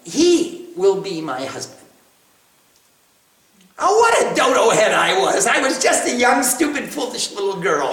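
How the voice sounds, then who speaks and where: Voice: medium pitch, very animated, unhurried, a bit bright. A teacher acting out a proud goddess who stands by her vow, with playful, self-mocking laughter. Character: proud defiant goddess refusing a forced marriage. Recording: roomy, from a distance.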